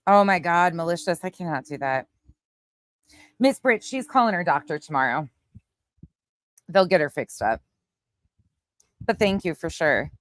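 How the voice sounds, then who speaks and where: Outdoors at night in the wind, a livestream host chats bluntly with her viewers, greets them by chat name, and swears occasionally. Her fairly low voice is animated, a little slow, and full of pauses, and the recording is dry.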